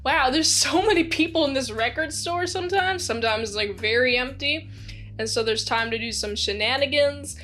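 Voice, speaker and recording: A woman giving a casual spoken movie review, rambling with lots of fillers and acting out lively quotes. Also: high voice, normal speed.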